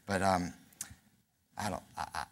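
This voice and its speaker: Speaking a little slowly in a low, steady voice, a New Yorker in his early forties gives a keynote at a convention center. His speech is funny and self-deprecating, built on storytelling with acted-out dialogue.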